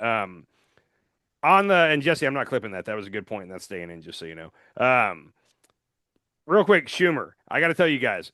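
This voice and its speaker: A man hosting a casual political chat, blunt and opinionated, talking in quick asides. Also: mid-range voice, pushed and bright, no echo, studio quality. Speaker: podcast host.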